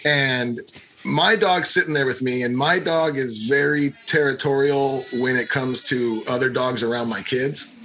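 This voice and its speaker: A man co-hosting a podcast, telling a story in a casual, animated way, swearing freely and acting out the scenes. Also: mid-range voice, a little slow. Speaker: podcast co-host.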